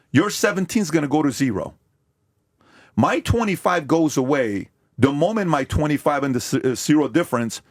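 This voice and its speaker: An American man makes his case in a heated podcast debate, hammering points with rhetorical questions. His pitch leaps up and down as he pushes, with a slightly husky edge to the voice. The sound is close and dry. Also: no room sound. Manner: forceful, emphatic, rhetorical questions.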